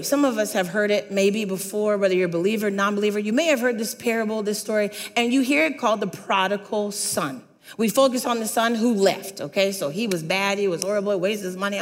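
A woman preaching a sermon, reading a Bible story aloud and retelling it with animated storytelling, prompting her listeners to repeat words back. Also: mid-range voice, big-room sound.

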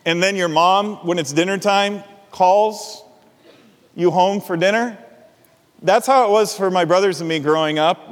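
A middle-aged man preaching a sermon as pastor, earnest, rising to emphatic peaks and dropping low and quiet for weight. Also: in a large hall.

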